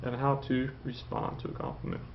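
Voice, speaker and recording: A man teaching a French lesson, explaining slowly, saying "okay" a lot and repeating each model phrase twice. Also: mid-range voice, wildly swooping pitch, gravelly, highs cut off, slight background noise. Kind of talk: classroom lesson.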